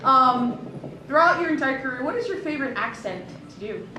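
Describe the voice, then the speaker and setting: Woman, audience questioner, high voice, hesitant, echoey hall, distant, noisy. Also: lively intonation, brisk. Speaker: audience member asking a question. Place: convention hall.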